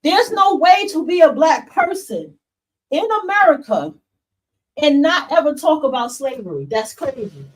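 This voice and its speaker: A woman's voice: high-pitched, sing-song, measured pace, recorded from a distance, poor audio. A woman hosting a livestream podcast, talking bluntly and passionately to her viewers, swearing and calling them y'all. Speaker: podcast host. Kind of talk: livestream monologue to chat.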